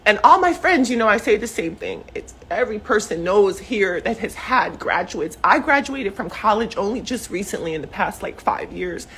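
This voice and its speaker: A woman's voice: mid-range voice, expressive, moderate pace, hardly any pauses, a bit bright, a little hiss or hum. A middle-aged mother speaking emotionally and heatedly to camera from her living room, rambling with many fillers. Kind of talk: emotional direct-to-camera statement. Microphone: self-recorded camera video.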